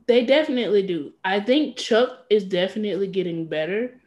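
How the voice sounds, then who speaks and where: A woman co-hosting a podcast in casual chat, animated and playfully petty, who often acts out what others might say. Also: medium pitch, brisk. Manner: animated, acts out quoted lines with playful pettiness. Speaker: podcast co-host.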